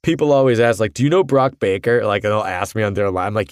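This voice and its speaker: A man's voice: fairly low pitch, fast, a little hiss or hum. Laid-back, profane man in casual chat. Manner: profane, rambling, jokey. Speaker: voice actor guest.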